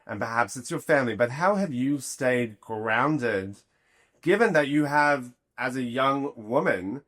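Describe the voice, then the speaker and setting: A man's voice: medium pitch, expressive, measured pace, fairly bright tone. A man hosting a podcast, asking thoughtful questions and rephrasing as he goes. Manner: thoughtful, rephrases mid-sentence, affirms guest. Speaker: podcast host. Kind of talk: interviewer questions.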